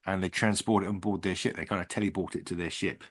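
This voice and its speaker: A man's voice: low voice, fairly even intonation, fast talker, husky, dry recording. A man co-hosting a podcast, recapping the plot in a dry, laid-back casual chat. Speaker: podcast co-host.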